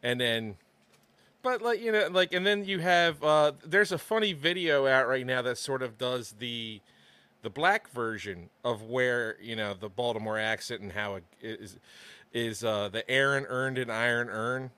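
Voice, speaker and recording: A man's voice: medium pitch, measured pace, pushed and bright, clean tone, no echo. A man co-hosting a casual podcast chat, rambling with lots of fillers and restarts.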